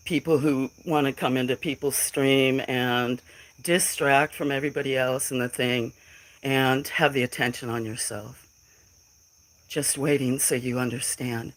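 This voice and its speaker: A woman's voice: rumbling low, rough recording. A middle-aged woman on a casual phone livestream, talking back to trolls in chat in a defiant, emotional way. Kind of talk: casual live stream talk to chat.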